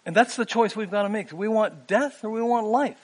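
Earnest man preaching a sermon. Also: high voice. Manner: earnest, rising emphasis with frequent "um" pauses.

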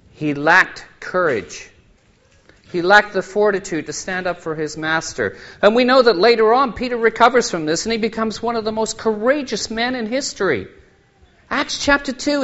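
A man's voice: high voice, a bit bright. A man, a lay preacher, gives a sermon and tells Bible scenes as vivid stories. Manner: storytelling, dramatizes Bible scenes. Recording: muffled lo-fi recording.

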